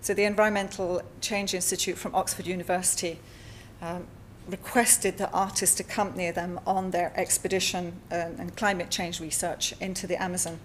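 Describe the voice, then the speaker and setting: A woman artist giving a conference talk at a symposium, speaking in a measured way with frequent fillers and pauses. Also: on the low side, level tone, a little hiss or hum. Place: lecture hall.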